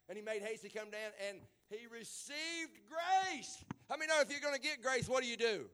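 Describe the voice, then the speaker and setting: A man preaching a sermon in a church, emphatic, dropping to low murmurs and then rising to shouted exclamations. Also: animated, normal speed, hardly any pauses.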